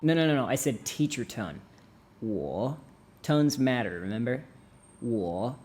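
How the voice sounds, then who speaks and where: Man, young adult, average pitch, jokey video lesson, exaggerated demonstrations. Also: expressive, a little fast, noisy background. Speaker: language teacher.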